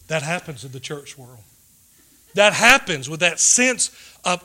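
A man preaching a sermon, swinging between loud emphatic points and hushed asides. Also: on the high side, very animated, measured pace, long pauses, slight background noise. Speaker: pastor.

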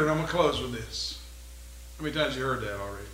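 A man pastor preaching a sermon and leading a closing prayer, dropping to quiet musing and then rising into loud exhortation. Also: mid-range voice, fast, reverberant, rough recording. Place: church sanctuary.

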